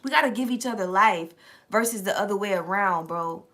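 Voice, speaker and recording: A young woman telling a casual, profane story to her viewers, animated and streetwise. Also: medium pitch, a little fast, slight background noise. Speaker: tarot reader and channel host.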